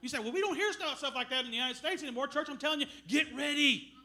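A middle-aged man preaching a sermon as a missionary, telling stories with loud bursts. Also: extremely high pitch, racing. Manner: animated storytelling with loud bursts.

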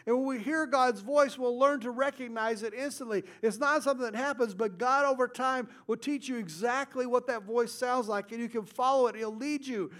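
A man preaching a sermon as pastor, his delivery swinging between loud stresses and hushed, intimate asides. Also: very high voice, moderate pace, hardly any pauses.

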